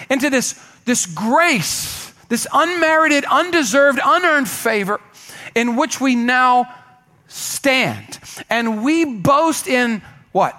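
A pastor preaching a sermon in a church, emphatic and asking the congregation to answer back. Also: male voice, very high voice, animated, slow, bright, forceful tone. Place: church sanctuary.

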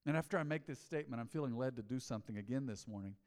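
A middle-aged male pastor preaching a sermon, swinging from soft pleading to loud calls that get the congregation repeating after him. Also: mid-range voice, very fast. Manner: animated preaching, rising and falling dynamics, calls to the congregation. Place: large church hall. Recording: long hall reverb.

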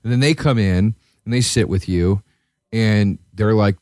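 A man hosting a podcast, telling a rambling, profane story in a casual chat and jumping to a high, excited voice at times. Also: measured pace, no echo, clean studio sound. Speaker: podcast host.

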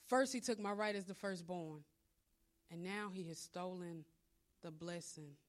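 A woman's voice: fairly low pitch, measured pace, lightly acted. A woman preacher voicing the wronged brother Esau, bitter and complaining, in her own voice.

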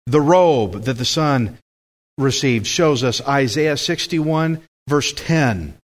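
A man's voice: medium pitch, lively intonation, slow pace. A man preaching a sermon with emphatic delivery, putting questions to the congregation.

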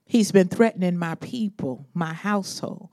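Animated woman preacher, dark warm voice. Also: lowish voice, moderate pace, no echo, studio quality. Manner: animated preaching, acts out Bible figures in modern slang; swings between loud emphatic bursts and hushed asides. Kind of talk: sermon.

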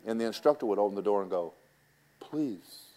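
A man's voice: fairly low pitch, rapid-fire, dark tone. A man preaching a sermon, telling personal stories in a folksy, teasing way and talking straight to the congregation.

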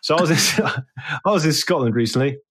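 A man's voice: fairly high pitch, a little fast, a loud crowd. A British man hosting a casual chat, wry and a little hesitant, with frequent "uh" and "um".

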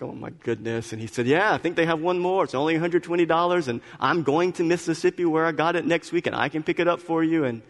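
Animated pastor in an echoing hall. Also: male voice, mid-range voice. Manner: animated storytelling, swings from quiet confession to loud exclamation. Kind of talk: sermon with personal story. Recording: echoey hall.

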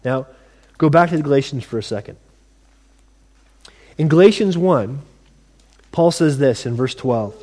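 A man preaching a sermon to his congregation, animated, acting out scripture voices and dropping to quiet asides. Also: mid-range voice, a little slow, long pauses. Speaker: pastor.

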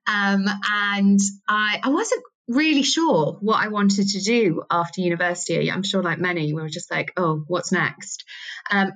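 A woman's voice: on the low side, fairly bright tone, low-quality recording. A woman in her thirties from England, a sports marketing director answering interview questions in a chatty way, with frequent ums and self-corrections. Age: 30s.

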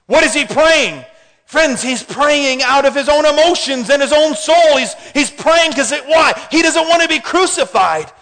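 A man preaching a sermon in an animated way, often asking the congregation questions. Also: extremely high pitch, normal speed. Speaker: pastor. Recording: hall reverb.

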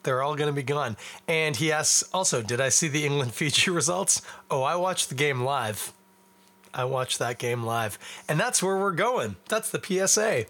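A man's voice: a little high, lively intonation, moderate pace, fairly bright tone. A young Canadian man hosting a podcast, chatting casually and rambling in a self-deprecating way. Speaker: podcast host. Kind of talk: casual solo podcast chat.

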